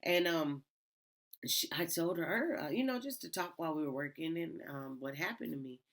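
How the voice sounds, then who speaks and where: A woman's voice: deep voice, normal speed. A woman hosting a channel where she reads Reddit stories, chatting casually and rambling with fillers and laughs. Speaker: host reading Reddit stories. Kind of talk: casual storytelling.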